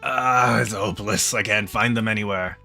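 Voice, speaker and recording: A man's voice: fairly low pitch, steady tone, moderate pace, creaky, bright, forceful tone, soft background music. Brash middle-aged company boss with new york patter, a guy voicing him for a visual novel read-aloud.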